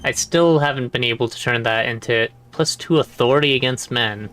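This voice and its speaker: A man's voice: medium pitch, brisk, fairly bright tone. A man casually commenting as he plays a video game on a livestream, chatty and musing.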